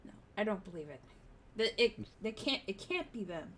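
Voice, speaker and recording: A woman player in a tabletop game, expressive and reactive, swearing when surprised. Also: medium pitch, normal speed, slight background noise.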